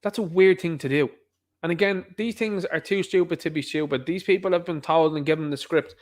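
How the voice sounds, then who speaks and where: Speaking fairly quickly in a fairly high voice, this Irish online commentator rants through an opinionated monologue. He hammers his points home repetitively and keeps throwing out rhetorical questions.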